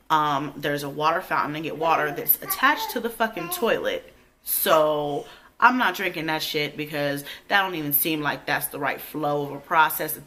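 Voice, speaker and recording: A young pregnant woman tells a storytime vlog, blunt and full of cussing. Her voice sits a little low but rings bright and forceful. A faint hiss runs under the recording. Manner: profane, blunt, animated storytelling. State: heavily pregnant. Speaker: vlogger.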